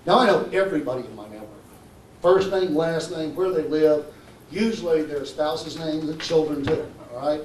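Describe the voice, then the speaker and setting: Speaking at normal speed with a somewhat high yet darkish voice, a man presents a live talk in a conference hall, persuading and constantly checking in with listeners. The audio is roomy and distant, with slight hiss or hum.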